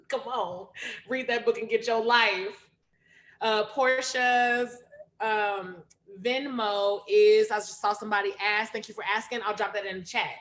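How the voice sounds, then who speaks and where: A woman hosting a poetry reading over a video call, lively and slangy, hyping up her audience and reading an introduction. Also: mid-range voice, a little slow. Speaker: host of reading series. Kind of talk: casual live-stream hosting.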